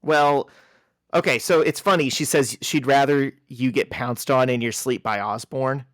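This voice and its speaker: A man's voice: a little slow, no echo. A man with a mid-range voice co-hosts a podcast and narrates a comic scene, acting out the dialogue as he reads. He sounds dry and close to the mic. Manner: animated storyteller, reads quoted lines in a lower voice. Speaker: podcast co-host. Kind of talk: casual podcast chat, reading comic dialogue aloud.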